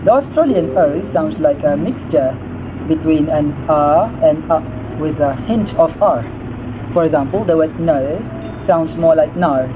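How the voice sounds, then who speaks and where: A man student reading a class presentation in a brisk, matter-of-fact way. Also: fairly high pitch, expressive, noisy background.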